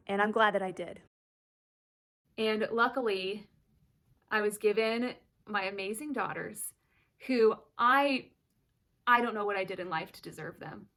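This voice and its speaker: Woman, 30s, vlogger mother; earnest, heartfelt delivery, mid-pitched, near tears at moments. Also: a bit bright. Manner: earnest and emotional, close to tears at times. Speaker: mother of twin daughters sharing her story. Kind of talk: personal vlog, candid storytelling.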